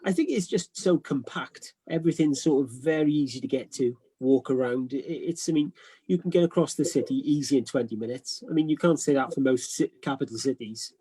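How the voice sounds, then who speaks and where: Husky-voiced Welsh man on a call. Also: mid-range voice, brisk, warm tone, rough recording. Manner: hesitant, many ums, laughs easily. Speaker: guest barber. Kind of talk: casual chat. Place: at home, isolating. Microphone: video call.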